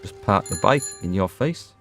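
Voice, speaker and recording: A man's voice: low voice, lively intonation, moderate pace, a bit bright, soft background music. A man casually commentating a video game as he plays, joking and talking to his chat. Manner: joking, talks to chat while playing. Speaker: gaming video host. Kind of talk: casual let's-play commentary.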